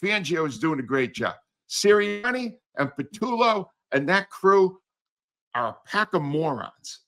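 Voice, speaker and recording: Bright-voiced sarcastic older male radio ranter. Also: high voice, sing-song, unhurried. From United States. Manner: sarcastic, exasperated, wildly swinging emphasis. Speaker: guest sports commentator. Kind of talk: animated radio-style rant.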